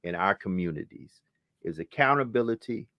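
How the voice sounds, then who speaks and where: A man's voice: fairly low pitch, lively intonation, moderate pace, no room sound, lo-fi sound. A man hosting a talk show, emphatic and lecturing, repeating phrases to drive his points home.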